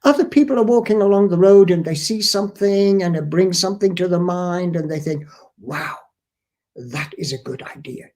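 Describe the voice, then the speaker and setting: A man's voice: high voice, creaky, darkish tone, husky. An older man giving down-to-earth business advice in a chatty instructional talk, often repeating his words. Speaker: import-export trade advisor.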